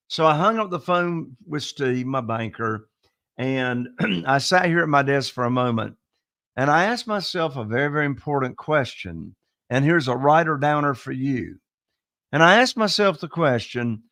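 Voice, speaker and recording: A man presenting a webinar, pitching offers and telling his story with energy. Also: moderate pace, no echo, clean studio sound. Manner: energetic, salesy, spells out web addresses. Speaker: real estate investor presenting a webinar.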